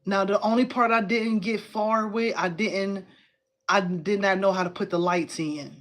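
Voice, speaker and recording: A woman hosting a casual crafting live stream from home. She talks in an excitable, chatty way, says "y'all" a lot, and answers viewers' comments aloud. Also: medium pitch, measured pace. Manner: uses y'all and informal phrasing.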